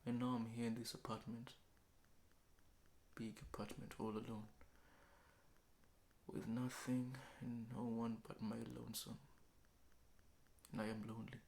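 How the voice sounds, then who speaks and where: A man from Kenya, talking slowly and reflectively in a late-night confessional monologue at home, often dropping into a whisper. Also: mid-range voice, level tone. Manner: slow, reflective, often sinking to a hushed whisper. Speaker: vlogger. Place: apartment indoors.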